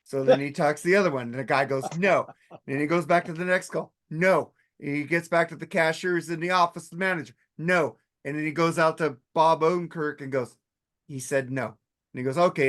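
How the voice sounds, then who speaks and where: Animated, higher-voiced man retelling sketches. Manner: animated storyteller, acts out sketch voices, swears freely. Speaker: podcast co-host. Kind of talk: casual chat.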